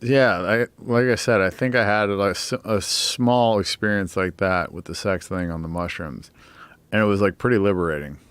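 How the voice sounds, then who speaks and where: Low-voiced man, rambling and profane. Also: moderate pace, a bit bright, clear, resonant tone, no echo. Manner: rambling, profane, lots of fillers. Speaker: interview guest. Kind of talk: casual storytelling.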